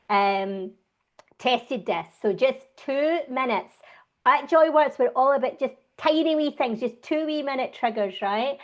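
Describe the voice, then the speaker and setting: A Scottish woman, a wellbeing coach, talking fast and enthusiastically as a guest in a conversational interview. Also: on the high side.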